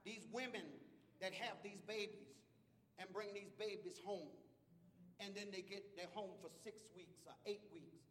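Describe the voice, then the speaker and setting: A man preaching an impassioned sermon in a church, swinging from hushed tones to shouts. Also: sits high, steady tone, unhurried, a little hiss or hum. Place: church sanctuary. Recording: long hall reverb.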